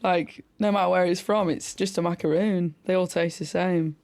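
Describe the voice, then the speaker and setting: A woman's voice: lowish voice, steady tone, moderate pace, darkish tone, no echo. A woman with a Northern English accent co-hosting a podcast in casual, teasing chat. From Northern England. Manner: chatty, teasing, laughs a lot. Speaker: podcast co-host.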